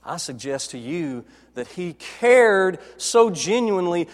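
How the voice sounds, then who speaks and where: A man preaching a sermon in a dramatic way, dropping to soft, low tones as he retells scenes. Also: expressive, a little slow, few pauses, long reverb tail. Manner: dramatic, acts out quoted dialogue, drops to soft low tones.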